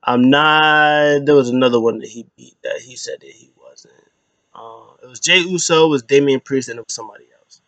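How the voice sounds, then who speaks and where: A man's voice: mid-range voice, fairly quick, no echo, lo-fi sound. A man casually recapping a wrestling show, rambling with plenty of fillers and retelling what was said. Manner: rambling, retells lines in quotes, many fillers.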